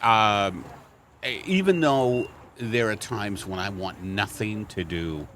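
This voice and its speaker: Slow, low-voiced man riffing deadpan. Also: slight background noise. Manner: deadpan, rambling comic delivery. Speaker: podcast host. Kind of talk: casual chat. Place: outdoors at a coffee shop.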